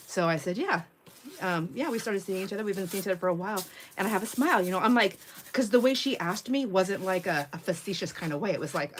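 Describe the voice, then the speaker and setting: A woman's voice: lowish voice, fast, slight background noise. A middle-aged woman hosting a craft livestream who tells stories in a casual, chatty way, laughs often and acts out the quotes. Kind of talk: casual chat while crafting.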